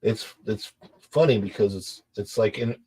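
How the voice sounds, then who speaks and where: A man's voice: on the low side, moderate pace, mellow, slightly rough, low-quality recording. A man hosting a casual livestream from home, chatting to viewers in a rambling, self-correcting way. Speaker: livestream host.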